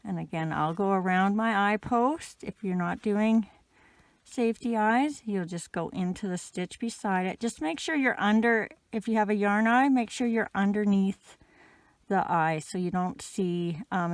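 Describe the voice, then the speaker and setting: Gentle woman teaching crochet, dry sound. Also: mid-range voice, a little slow, no echo. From Canada. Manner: gentle, patient, with fillers like "um". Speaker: crochet instructor. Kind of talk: casual step-by-step tutorial.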